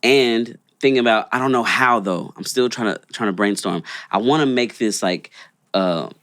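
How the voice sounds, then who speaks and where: A man's voice: mid-range voice, normal speed, fairly bright tone, dry recording, clean studio sound. A young man co-hosting a podcast, chatting in a laid-back, rambling way with lots of fillers. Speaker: podcast co-host. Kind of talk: casual chat.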